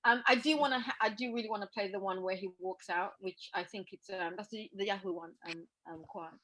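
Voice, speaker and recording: A woman's voice: medium pitch, brisk, fairly bright tone, poor audio. A woman hosting a casual podcast discussion, speaking emphatically with many fillers. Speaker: podcast host.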